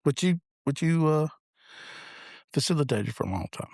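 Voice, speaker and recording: A man's voice: a little high, expressive, moderate pace, vocal fry, darkish tone, no echo, studio quality. A man in his forties, a police officer co-hosting a podcast, telling blunt, profane stories in casual chat.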